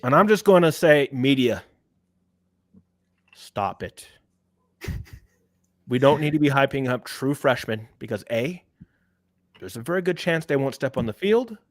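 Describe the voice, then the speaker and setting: A man co-hosting a casual sports podcast, talking in an opinionated, emphatic way. His voice sits at a middle pitch. The recording is dry and close, with no room sound. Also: big pitch swings, a little slow, pauses often, no echo. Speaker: podcast co-host.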